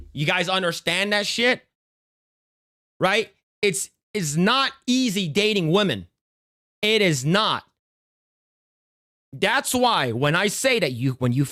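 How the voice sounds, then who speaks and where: A man's voice: sits high, fairly bright tone. A man streaming a reaction to a clip. He rants in a casual, profane way, often stammering and restarting his sentences.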